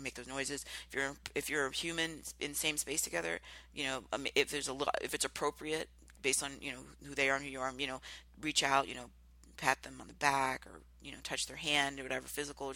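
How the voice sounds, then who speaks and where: Earnest male advice host, gravelly bright voice, dry close sound. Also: mid-range voice, dry recording, poor audio. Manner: earnest, pleading, demonstrates soft murmuring. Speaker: podcast host. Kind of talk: advice monologue.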